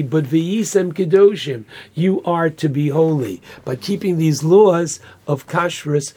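A man's voice: fairly high pitch, mellow. A man teaching a Torah lesson in a sermon style, quoting Hebrew verses and explaining each term carefully. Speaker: rabbi. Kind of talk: Torah lecture.

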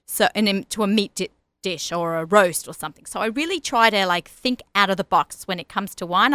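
A woman's voice: mid-range voice, pushed and bright, no echo. A middle-aged woman with an Australian accent, hosting a radio show in a chatty, laughing manner. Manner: chatty, laughs often, self-correcting. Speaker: radio host. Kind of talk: casual chat.

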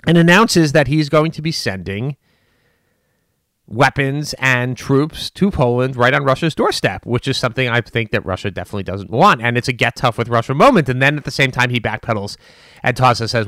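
A man giving unscripted political commentary, animated and emphatic, with frequent restarts and fillers. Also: mid-range voice, brisk, dry recording, studio quality.

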